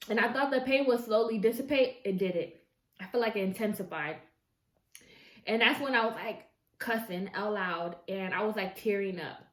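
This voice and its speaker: A woman telling a story casually while eating on camera at home, chatty and expressive, with slangy asides to her viewers. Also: medium pitch, normal speed. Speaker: mukbang vlogger. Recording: echoey room.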